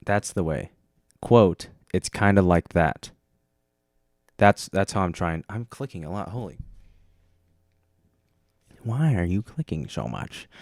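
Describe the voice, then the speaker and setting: A man's voice: low voice, vocal fry, darkish tone, no echo, clean studio sound. A man hosting a podcast, talking alone in a rambling, self-mocking way and sounding tired. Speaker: podcast host. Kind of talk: casual solo monologue.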